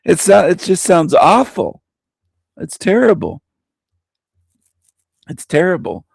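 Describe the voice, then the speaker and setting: A man's voice: high voice, huge pitch swings, slow pace, vocal fry, long pauses, husky, no room sound, studio quality. A man hosting a radio show, delivering an opinionated monologue with emphatic repetition and frequent chuckles. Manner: emphatic, repeats himself, chuckles between lines.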